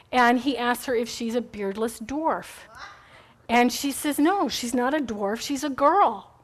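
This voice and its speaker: Chatty woman teaching a church group. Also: high-pitched. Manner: chatty, rambling, encouraging, with asides. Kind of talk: casual faith talk to a group.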